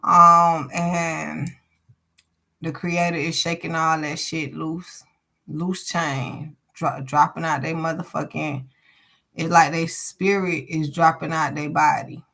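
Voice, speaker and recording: Woman, live tarot reader, lowish voice, blunt, profane, chatty. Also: flat delivery, slow, creaky, bright, forceful tone. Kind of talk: live-streamed tarot reading, casual talk to chat.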